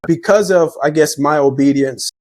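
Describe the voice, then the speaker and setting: A middle-aged podcast guest shares personal stories earnestly and reflectively, guided by his faith, often restarting sentences and repeating words as he begins them. His voice is a little high and slightly mellow at a normal speed, in a dry recording.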